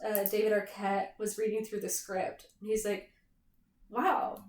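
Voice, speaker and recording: A young woman co-hosts a podcast in casual chat, rambling enthusiastically like a fan and using plenty of fillers. Her mid-range voice is mellow, her delivery flat, and her speed normal. The recording sounds like it was made in an echoey room.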